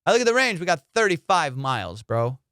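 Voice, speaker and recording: Guy telling a wild story on his podcast, fast slang and swearing, crisp tone, dry mic. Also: a little high, no echo. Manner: excitable, profane, slangy. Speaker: comedian podcast host. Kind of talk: animated storytelling.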